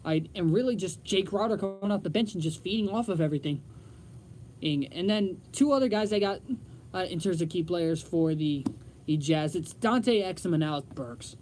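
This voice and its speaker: A man's voice: high voice, a little mellow, slight background noise. A young man hosting a college radio sports show, talking casually in a rambling, filler-heavy way. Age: young adult.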